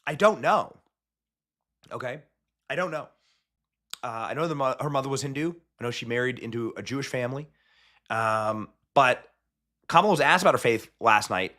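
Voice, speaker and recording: A man in his thirties hosts a political commentary show. His voice is bright and forceful. He mocks as he talks, piling up sarcastic asides and restarting his sentences. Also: medium pitch, lively intonation. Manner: mocking, sarcastic, rapid asides and repeated restarts. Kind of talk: fast opinionated political commentary.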